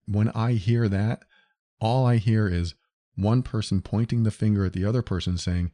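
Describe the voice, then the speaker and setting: A man's voice: lowish voice, moderate pace, warm tone, no echo. A man hosting a solo podcast, talking earnestly and directly to the listener as he explains. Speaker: podcast host.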